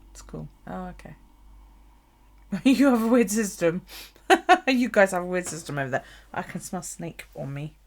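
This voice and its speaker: A woman's voice: lowish voice, lively intonation, normal speed. A woman hosting a late-night livestream, chatting casually, laughing often and swearing freely as she rambles. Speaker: bullet-journal livestream host. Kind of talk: casual live-stream chat.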